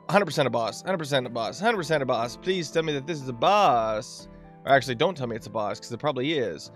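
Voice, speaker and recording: A man hosting a gaming channel, giving let's play commentary, talking to himself and the enemy, with sudden whoops and yelps while fighting. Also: a little high. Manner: excitable, yelps and whoops during combat; talks to the boss and himself.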